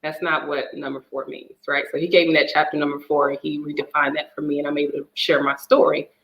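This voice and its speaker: A guest speaker on a talk show gives a personal faith testimony in an animated storytelling manner, restarting sentences along the way. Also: medium pitch, fast talker, echoey room, low-quality recording.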